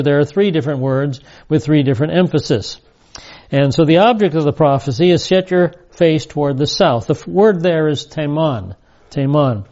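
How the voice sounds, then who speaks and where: Mellow-voiced male Bible teacher. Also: a little high. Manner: explanatory, asks rhetorical questions. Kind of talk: Bible study lecture. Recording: dull lo-fi recording.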